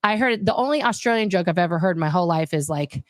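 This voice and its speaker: An American woman hosting a casual chat on a video call, talking in an animated, jokey way. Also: on the low side, quick pace, no echo, studio quality. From United States. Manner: animated, jokey, says "let's be honest". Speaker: host.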